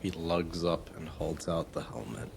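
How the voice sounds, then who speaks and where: A man narrating a tabletop game as game master, calm and measured in his descriptions. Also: deep voice, gravelly, noisy background.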